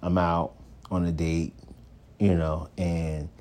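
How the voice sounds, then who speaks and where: A man in his thirties telling a dating anecdote in a casual, animated way, laughing now and then and acting out what others said in changing voices. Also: low-pitched, slow pace. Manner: animated, acts out others' lines in shifting voices; laughs between lines. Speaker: storyteller.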